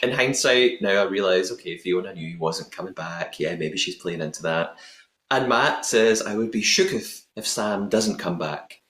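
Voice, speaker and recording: A man's voice: fairly low pitch, fairly bright tone. Chatty man hosting a podcast, roomy sound. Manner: playful, punning, chatty. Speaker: podcast host. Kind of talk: casual podcast recap chat. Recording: roomy echoing room sound.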